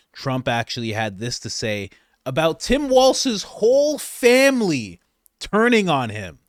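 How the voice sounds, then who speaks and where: Animated, laughing male commentary host. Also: mid-range voice, dry recording, clean studio sound. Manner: animated, laughing, swings from loud to mumbled asides. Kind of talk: comedic political commentary.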